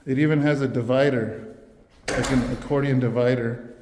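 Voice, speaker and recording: A man's voice: mid-range voice, steady tone, moderate pace, background noise. A man out of breath from walking, eagerly touring an empty church building and talking straight to viewers. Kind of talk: casual walkthrough vlog.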